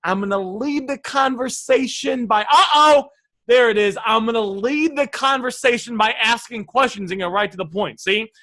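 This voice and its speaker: With a high, bright and forceful voice at a moderate pace, a male sales coach addresses his live online audience head-on. His delivery is emphatic, and he keeps pulling viewers in through pointed questions.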